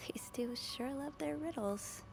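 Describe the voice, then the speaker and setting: A woman's voice: high voice, a little slow, a little mellow. Whispering young woman, in whispered role-play. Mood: hushed. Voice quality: breathy whisper. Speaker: game character. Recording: game audio with ambient noise.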